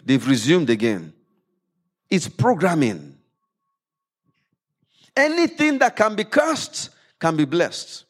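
Lively male preacher, animated sermon. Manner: reads scripture aloud with rising emphasis, then drops low to explain. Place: church service.

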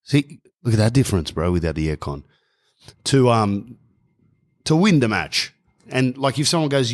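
Aussie bloke doing a solo podcast rant, swears a lot, keeps saying bro. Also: male voice, mid-range voice, big pitch swings, moderate pace. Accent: Australian. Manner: opinionated, swearing, calls listeners bro. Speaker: podcast host. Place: hot small room indoors.

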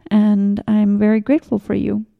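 A woman in her forties hosting a spiritual podcast, talking gently in a rambling way with tangents and restarts. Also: mid-range voice, monotone, normal speed, vocal fry, narrow, tinny audio, a little hiss or hum. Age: 40s. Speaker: podcast host. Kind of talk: casual spiritual podcast talk.

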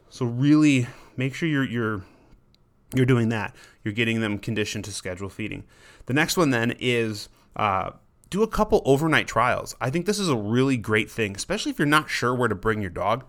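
A man's voice: mid-range voice, animated, a little fast, a bit bright. A man, a dog trainer, hosting a casual advice podcast in a conversational way, often restarting words and acting out what a dog might think. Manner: conversational, repeats himself, acts out the dog's thoughts in quotes.

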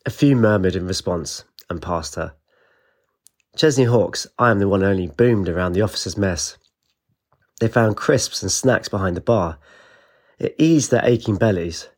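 A man with a low voice reads an audiobook. He narrates at a steady, even storytelling pace. Nothing is heard behind him. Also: unhurried, long pauses, slightly rough.

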